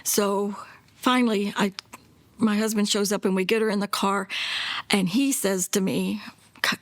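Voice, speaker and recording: Gravelly-voiced older mother. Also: medium pitch, steady tone, a little slow. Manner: earnest, drops to a hushed whisper when quoting others; plainspoken, with self-corrections and small laughs. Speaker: mother telling her daughter's story. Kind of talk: documentary interview storytelling.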